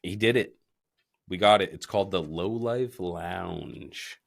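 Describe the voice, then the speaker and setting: A low-voiced man hosts a casual podcast, talking loosely and swearing freely. He jokes around with his co-host and sounds a bit tipsy. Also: slow, creaky. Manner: loose, profane, joking. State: tipsy from drinking beer. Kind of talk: casual chat. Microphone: studio mic.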